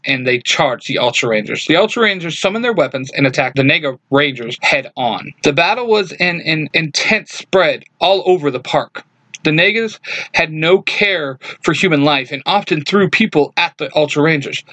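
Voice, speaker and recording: A young man reading a fan story aloud, lively, shifting his voice for each character. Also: a little high, moderate pace, no room sound. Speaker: fan fiction reader.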